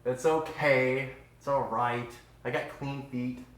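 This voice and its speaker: In a medium-pitched, fairly even voice, an upbeat man slowly chats through a casual live stream from his home kitchen. He says "y'all" a lot, and the room gives a roomy echo.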